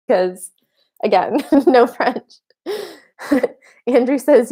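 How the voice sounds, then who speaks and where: A woman's voice: on the high side, measured pace, pauses often, darkish tone. A woman in her thirties hosting a casual livestream and answering viewers' questions. She rambles through chatty asides, laughs often and sounds a little tired. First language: English. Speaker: livestream host.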